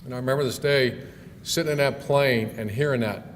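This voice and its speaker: A man's voice: mid-range voice, brisk. A middle-aged man, a football coach, telling stories in a speech at a club event, folksy with fillers and restarts. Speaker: guest speaker, football coach. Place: banquet hall. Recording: long hall reverb, faint room noise.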